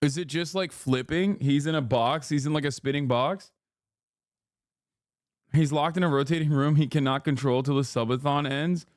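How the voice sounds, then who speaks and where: A man hosting a live stream, talking in brash, profane, casual commentary with quick asides into a close mic. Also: on the high side, no room sound. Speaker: livestream host.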